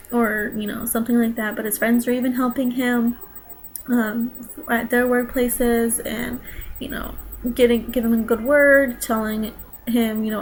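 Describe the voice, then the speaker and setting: A woman's voice: fairly high pitch, poor audio. A young woman vlogging from home, talking straight to her viewers in a defensive, emotional rant, close to tears at times. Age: young adult.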